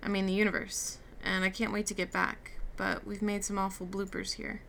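A woman reads a novel aloud for an audiobook, lightly shifting her delivery for the characters' dialogue. Her medium-pitched voice is level, creaky and fairly bright, at a moderate pace, with a little hiss or hum in the background.

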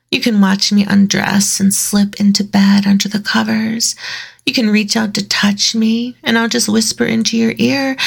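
A woman in an intimate audio role-play, speaking in a teasing, dominant way, dropping into whispers and giggling softly between phrases. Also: medium pitch, fairly even intonation, measured pace, vocal fry.

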